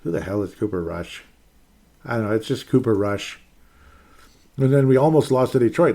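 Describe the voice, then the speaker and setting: A man's voice: mid-range voice, lively intonation, normal speed, pauses often, dark tone. A man hosting his own sports talk show, ranting in an exasperated, rambling way with sarcastic asides. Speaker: sports podcast host. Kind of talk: ranting solo commentary.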